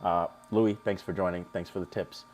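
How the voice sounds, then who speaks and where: A young man hosting a live stream, his voice sitting a little low. He talks viewers through the steps in a loose, chatty way, cracking jokes and answering the chat as he goes. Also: steady tone, moderate pace, a little mellow, a little hiss or hum. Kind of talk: casual live tutorial.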